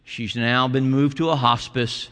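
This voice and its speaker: A male pastor with a bright, ringing voice delivers a sermon, shifting between storytelling and quiet, tender passages. His words carry a long reverb through the church hall. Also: medium pitch, steady tone, a little slow. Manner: storytelling with quoted voices, soft and intimate at times. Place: church sanctuary.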